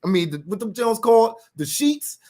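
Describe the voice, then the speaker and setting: A man's voice: very high voice, moderate pace. A man in a casual monologue rant, full of profane street slang, acting out what people say. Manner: animated, profane street slang, acts out quotes.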